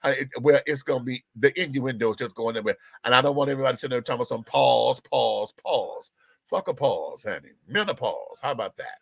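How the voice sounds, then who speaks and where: Sassy man hosting, lively pitch. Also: fast talker, creaky, no room sound. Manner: sassy, profane, theatrical; talks to the audience while fixing tech. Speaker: show host. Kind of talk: live-stream gossip commentary.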